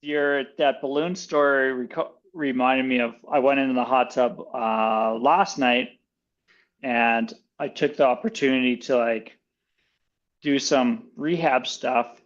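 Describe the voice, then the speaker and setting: Halting male guest on a dull line. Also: mid-range voice, steady tone. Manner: halting, with many fillers and restarts. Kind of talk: casual chat.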